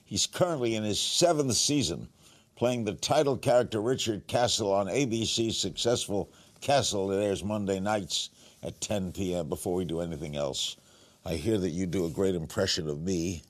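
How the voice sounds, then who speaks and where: A man's voice: deep voice, normal speed. An older man hosting a talk show, asking brief, direct questions. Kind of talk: interview questions and show intro.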